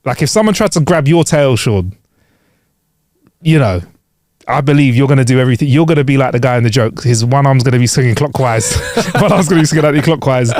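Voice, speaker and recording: A man's voice: medium pitch, fairly quick, darkish tone, no echo, clean studio sound. A man co-hosting a casual comedy podcast. He reads out odd news stories and jokes his way through them in a rambling way. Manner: jokey, rambling, laughs while reading. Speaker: podcast co-host.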